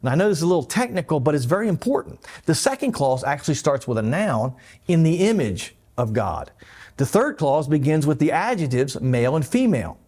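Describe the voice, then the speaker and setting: A man teaching a Bible lesson as pastor, explaining and animated, with light asides. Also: fairly high pitch, brisk. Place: church.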